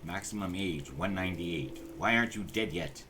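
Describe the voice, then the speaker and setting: A man commentates his life-sim game in a casual, profane way, often scolding the characters in exasperation. His voice sits very low. A steady noise runs under the stream audio. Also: normal speed.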